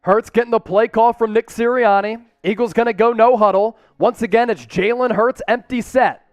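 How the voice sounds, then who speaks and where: A man hosting a fan watch-party stream, calling plays and reading out chat shout-outs with hyped cheers. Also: very high voice, fairly even intonation, normal speed, no room sound, faint music behind.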